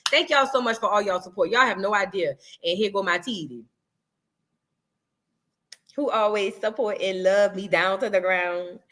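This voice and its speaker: A woman with a medium-pitched, fairly bright voice talks at a normal speed, leaving long pauses. She hosts a casual livestream commentary show, reading out super chats and thanking viewers in a chatty, sassy way, calling them girl and boo.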